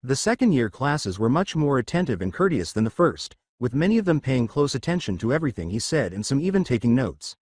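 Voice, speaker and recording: A man narrating a fan story in a steady reading voice. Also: mid-range voice, a little fast, few pauses, breathy edge. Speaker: fanfiction narrator.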